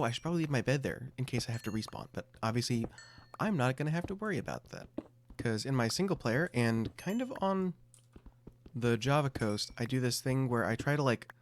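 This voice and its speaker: A young adult man giving casual gameplay commentary, thinking aloud with self-mocking asides. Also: mid-range voice. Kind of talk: casual let's-play commentary.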